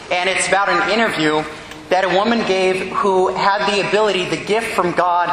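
A man preaching a storytelling homily as a priest, speeding up when excited. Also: sits high. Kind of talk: sermon. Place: large church. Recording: echoey church from a distance.

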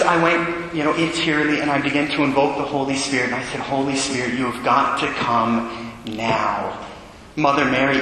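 A man who is a Catholic priest, telling a story in a sermon and acting out the dialogue with animated changes in his voice. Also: medium pitch, slight background noise. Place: church. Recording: echoey church hall.

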